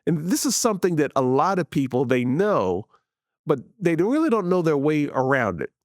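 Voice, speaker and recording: An earnest man lays out leadership lessons in a fairly high voice, leaning on key words and repeating them for stress. He sounds close to the mic, with almost no room around his voice. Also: big pitch swings, normal speed, dry recording. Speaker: podcast host. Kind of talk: motivational teaching talk.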